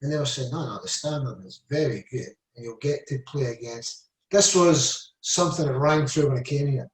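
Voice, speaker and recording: A man's voice: medium pitch, normal speed. A Scottish man in his seventies, a former footballer telling rambling stories in a casual interview, full of "I said" and "you know". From Scotland. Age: 70s. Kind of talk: casual storytelling. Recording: echoey room, mic at a distance.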